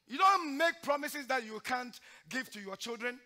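A male pastor preaching a sermon in church, swinging from loud, forceful exhortation to hushed, emotional storytelling. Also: very high-pitched, animated. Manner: sings hymn lines slowly during the sermon.

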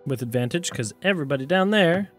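A man's voice: on the high side, lively intonation, fast talker, a bit bright, faint music behind. A man narrating as game master in a casual, conversational way with filler words.

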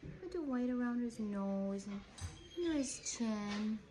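A woman's voice: on the high side, expressive, measured pace, dark tone, slight background noise. A woman who breeds dogs, showing puppies one by one and cooing at them in baby talk. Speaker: dog breeder. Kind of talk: cooing puppy showcase.

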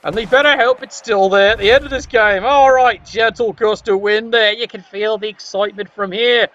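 A man's voice: high voice, fairly even intonation, normal speed, a bit bright, no echo, dull audio. A man commentating a tabletop sports game with wry, sarcastic asides.

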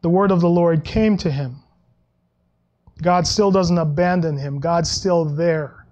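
A male pastor preaching a sermon in a conversational way, with frequent restarts and soft laughs, and dropping his voice when he quotes scripture. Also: unhurried, highs cut off. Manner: acts out Bible quotes in a lower voice.

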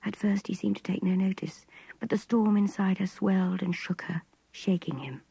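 An older woman narrating a literary novel in a hushed, intimate, measured voice. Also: mid-range voice, fairly even intonation, creaky, husky, no echo, poor audio. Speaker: reader.

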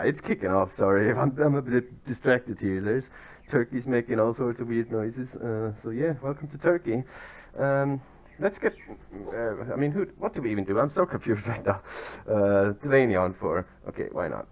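A young man chats casually through his football management game, poking fun at himself and letting out sudden excited yelps. His voice sits at medium pitch with a moderate pace, and he's recording outdoors among turkeys.

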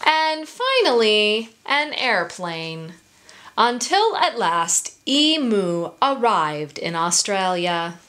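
A woman reading a picture book aloud to children, in an expressive, sing-song way, pausing to ask her listeners questions. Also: medium pitch, a little hiss or hum. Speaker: story time reader.

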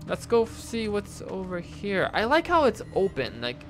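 A man's voice: high voice, wildly swooping pitch, normal speed, a bit bright, faint music behind. A young man commentating a horror game, nervous and jumpy, talking to viewers with lots of fillers and frightened exclamations. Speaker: gaming YouTuber. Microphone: desk mic with face cam.

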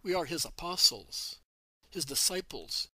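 A man voicing a gentle, devout male apostle in a storybook reading, patient and explaining. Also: on the high side, very animated, a little slow, slightly rough, dry recording, full character voice. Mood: earnest.

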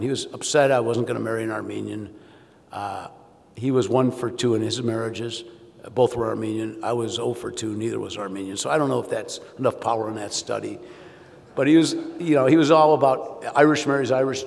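A man's voice: medium pitch, brisk, vocal fry. A man, an orthopedic surgeon, telling wry, self-deprecating family stories in a keynote speech at a conference. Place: conference hall. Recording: long hall reverb.

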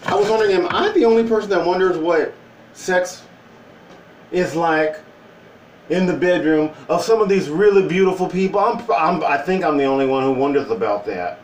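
A man's voice: fairly high pitch, normal speed, reverberant, recorded from a distance, a little hiss or hum, low-quality recording. A man talking casually in a joking opinion vlog, with playful asides and put-on voices. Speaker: vlogger.

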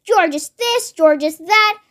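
A child reading aloud and voicing a bossy, greedy old grandmother who shouts and scolds. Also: very high voice, takes it slowly, exaggerated voice. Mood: scolding.

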